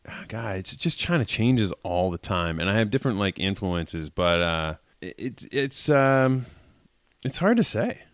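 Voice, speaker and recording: A man in his forties from Massachusetts with a faint Massachusetts accent, chatting as a podcast guest, telling stories in a relaxed, hesitant way with many fillers. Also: deep voice, measured pace, hardly any pauses, clear, resonant tone, no echo. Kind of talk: casual chat.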